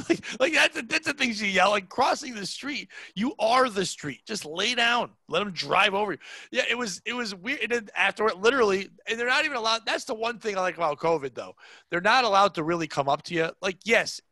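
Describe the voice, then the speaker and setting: A comedian telling a rambling, animated story in casual chat, peppered with "like.". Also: male voice, high-pitched, a little fast, no room sound. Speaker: comedian guest.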